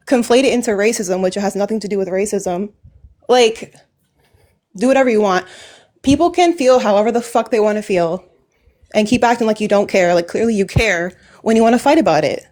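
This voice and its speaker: A woman in a heated livestream chat, talking forcefully and swearing. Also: a little high.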